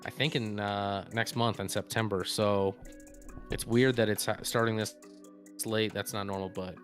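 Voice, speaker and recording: A man's voice: on the low side, fairly even intonation, moderate pace, soft background music. A man co-hosting a casual sports talk show, chatty and laid-back, with some joking asides. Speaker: sports podcast co-host.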